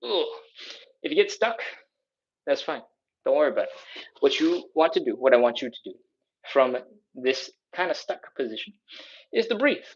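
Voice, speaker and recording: A man's voice: mid-range voice, animated, normal speed, pauses often, slightly rough, muffled recording. A man leading a live stretching class, coaching upbeat and checking in with "all right?" as he explains each move. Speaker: fitness instructor.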